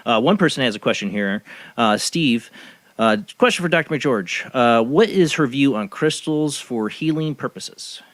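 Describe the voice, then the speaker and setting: A man's voice: medium pitch, lively intonation, normal speed, a bit bright. Earnest talk-show host, a man. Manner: earnest, rambling, frequent fillers. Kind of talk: casual interview chat.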